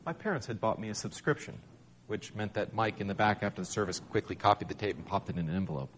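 A man's voice: on the low side, fast talker, slight background noise. Man telling a wry personal story. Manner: conversational, wry and self-deprecating. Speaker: speaker sharing a personal testimony. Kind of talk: storytelling talk.

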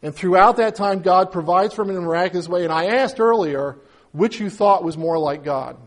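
A man with a high voice preaches a sermon to his congregation. He talks in a conversational way and slips into short acted-out exchanges to make his points. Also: fairly quick. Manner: conversational preaching, acts out little dialogues. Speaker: pastor.

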